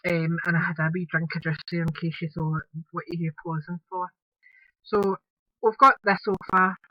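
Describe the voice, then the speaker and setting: A woman's voice: lowish voice, steady tone, moderate pace, no echo, muffled recording. A woman from Scotland with a Scottish accent, chatting through a crafting tutorial in a rambling way with lots of "um"s and Scottish words.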